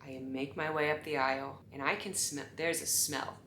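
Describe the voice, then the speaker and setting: A woman in her thirties tells a story in a casual monologue, moving between hushed asides and exasperated bursts. Her voice is bright and forceful and sits a little low. The room adds a noticeable echo, with a faint rumble underneath. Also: steady tone, moderate pace. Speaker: storyteller vlogger.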